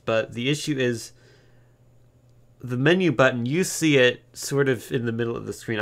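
A man's voice: medium pitch, vocal fry, fairly bright tone. A man giving casual, rambling commentary while streaming a mobile game, with a dry, sarcastic manner.

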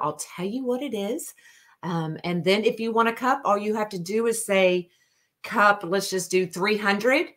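A woman hosting a live stream to sell custom cups, talking casually and slowly with lots of ums. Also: on the low side, fairly bright tone. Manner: slow, drawling, many ums. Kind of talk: casual live sales chat.

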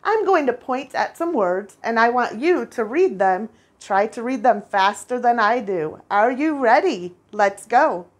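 A woman teaching first graders a spelling lesson, patient and clear, repeating each word for the children. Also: fairly high pitch, animated, a little slow, hardly any pauses. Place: international school.

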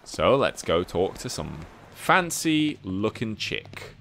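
A man streaming a video game, chatting casually, reading its text aloud, swearing and yelping with excitement. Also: slow pace, vocal fry, a little hiss or hum. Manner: excitable, swears and laughs, jumps into high yelps. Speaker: livestreaming gamer. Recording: game music playing under the voice. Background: game music.

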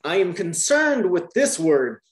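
A man's voice: sits high, measured pace, roomy sound. A man explaining teaching methods to trainee teachers in a Q&A, often checking with "right?". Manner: lively, repeats "right?" to check understanding.

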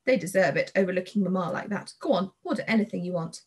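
A woman voicing a lively, bold young girl with a brisk, bossy, teasing manner and a breathy voice. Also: on the low side.

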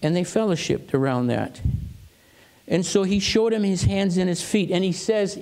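Older pastor with a gravelly voice. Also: male voice, high-pitched, moderate pace, a little mellow. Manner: conversational storytelling, acts out quoted voices. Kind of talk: sermon with personal stories. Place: church.

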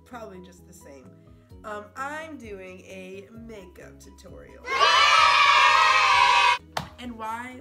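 A woman's voice: mid-range voice, lively intonation, slow, long pauses, loud music behind the voice, a loud crowd. A woman beauty vlogger chatting casually through a makeup tutorial. She rambles and jokes at her own expense. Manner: chatty, rambling and self-mocking.

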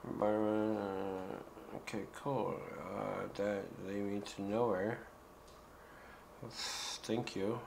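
A man's voice: on the low side, little pitch movement, slow pace, vocal fry, a little hiss or hum, poor audio. A man giving casual let's-play commentary, joking and talking back to the characters in the game. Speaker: gaming YouTuber.

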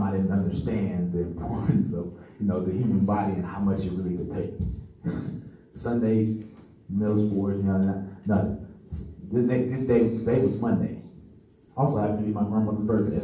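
A man's voice: on the low side, steady tone, moderate pace, warm tone. A man in his thirties giving a personal testimony at a conference, telling his story conversationally and often checking in with the audience. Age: 30s. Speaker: conference speaker. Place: meeting room at a men's conference. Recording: echoey room, mic far off.

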